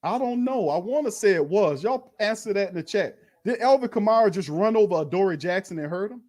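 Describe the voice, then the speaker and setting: A man hosting a fan watch party, calling plays in a slangy, animated way and talking to his chat. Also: high voice, a little fast. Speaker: fan host doing live play-by-play. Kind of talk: excited watch-party commentary.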